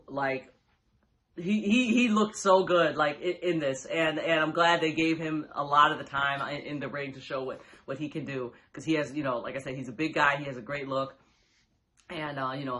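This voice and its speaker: Casual male vlogger, bright and slightly high voice, rambling reaction talk with frequent restarts. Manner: rambling, lots of fillers and restarts, laughs often. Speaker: vlogger reviewing a wrestling show.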